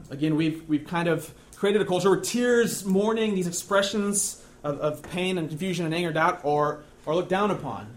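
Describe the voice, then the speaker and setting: A man's voice: a little high, a little hiss or hum. A young man preaching a sermon in a conversational, self-deprecating storytelling way.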